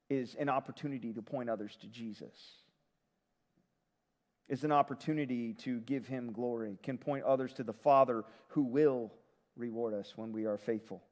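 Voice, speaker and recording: A man preaching a sermon as pastor, retelling a story in a conversational, lively way. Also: medium pitch, big-room sound.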